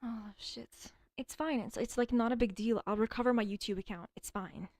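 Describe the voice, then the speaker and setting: A woman's voice: on the high side, normal speed, a little mellow, dry recording, studio quality. A young woman streaming alone, chatting casually and rambling, swearing often and stuttering at times. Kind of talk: casual livestream chat.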